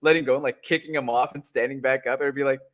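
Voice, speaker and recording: A man's voice: medium pitch, fairly even intonation, fast talker, fairly bright tone. A man hosting a casual fight breakdown podcast, laid-back and chuckling, retelling moments in quoted voices. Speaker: podcast host.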